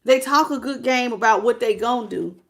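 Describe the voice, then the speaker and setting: A woman's voice: fairly high pitch, a little fast. Blunt, chatty woman tarot reader. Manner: blunt, colloquial, chatty with viewers. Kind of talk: casual tarot reading.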